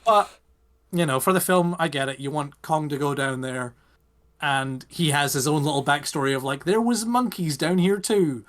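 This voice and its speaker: Young british guy going on and on in a podcast chat, bit higher voice, lots of what-if questions. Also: moderate pace. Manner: rambling, animated, full of rhetorical questions. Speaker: podcast co-host. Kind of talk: casual chat.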